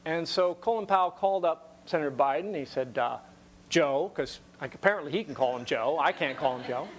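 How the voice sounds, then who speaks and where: Man telling a wry story, slightly high voice. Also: a little fast, breathy edge. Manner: conversational, repeats words when restarting, wry asides. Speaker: speaker giving a talk. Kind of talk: storytelling talk to an audience.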